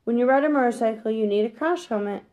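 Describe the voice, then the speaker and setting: A woman's voice: a little high, fast, darkish tone, natural voice. A woman reading a storybook aloud, voicing a young boy who talks in a plain, sincere way. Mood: earnest. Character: young boy, earnest and easily hurt.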